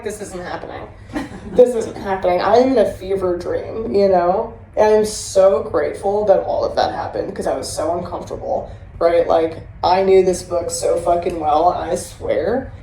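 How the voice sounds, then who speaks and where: Blunt, profane woman in an echoey room. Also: mid-range voice. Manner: blunt, profane and animated storytelling. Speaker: podcast host. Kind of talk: candid recovery chat. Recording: roomy echo with faint hiss.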